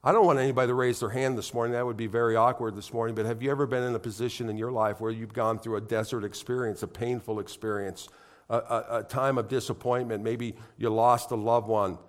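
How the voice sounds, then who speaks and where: A man's voice: mid-range voice, fairly even intonation, quick pace. A middle-aged man preaching a sermon in church, conversational and heartfelt, building to emphatic, rising appeals. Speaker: pastor.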